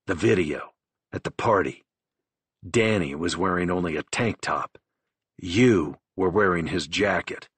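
A furious young man speaks with low, husky menace, as a deep-voiced narrator plays him. Now and then his voice flares into a shout. The reading is dry and close. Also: unhurried, no room sound, heavily acted. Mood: angry menacing. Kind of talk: audiobook character voice.

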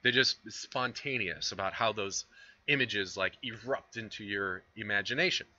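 A man's voice: on the low side, moderate pace, sharp tone, no echo, dull audio. A man giving a casual recorded lecture on philosophy, explaining with fillers and conversational asides. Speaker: philosophy instructor.

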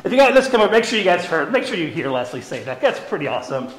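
A man teaching on a live zoo stream, his voice high and swinging widely in pitch as he chats and explains. He sounds upbeat and talkative, in an echoey room. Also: big pitch swings, fast talker. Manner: chatty, upbeat, explains with memory tricks. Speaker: zoo educator, program host.

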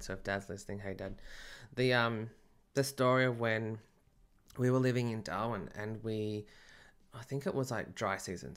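Man, fairly low pitch, chatty storytelling, laughs often. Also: fairly bright tone. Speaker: medium and podcast host. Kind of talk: casual storytelling monologue.

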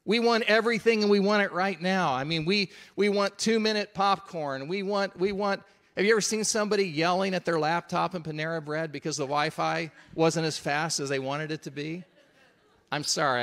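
A man's voice: sits high, a little fast, hardly any pauses, a bit bright. A man preaching a sermon in an earnest, conversational, emphatic way.

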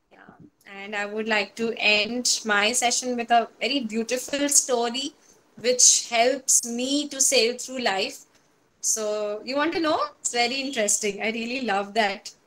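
A woman's voice: fairly high pitch, a bit bright. A woman with an Indian English accent giving an earnest motivational talk on mind management, telling stories. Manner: earnest, storytelling, mixing in Hindi.

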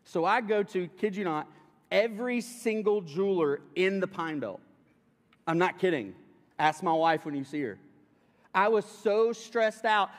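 A young pastor tells a funny personal story in a loose, conversational way. His voice sits a bit high for a man. The sound rings with the long reverb of a church hall. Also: normal speed. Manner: casual, humorous storytelling to a congregation. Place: church sanctuary.

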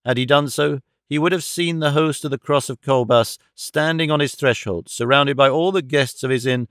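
A man narrating a classic novel audiobook in an even, steady storytelling manner. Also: mid-range voice, normal speed, smooth, dry recording, studio quality.

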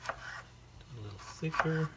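A man talks through a home cooking demonstration at an unhurried, drawn-out pace, chatting to himself and his dog between tasks. Loud chopping, clinking dishes and cutlery fill the kitchen behind him, close to the voice. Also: fairly high pitch, expressive, very noisy. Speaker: home cook hosting a cooking video.

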